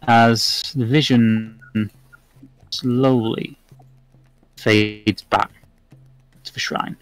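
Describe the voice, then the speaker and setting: A man narrating a tabletop game as dungeon master, in a relaxed, descriptive way. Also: mid-range voice, extremely slow, no room sound, soft background music, low-quality recording.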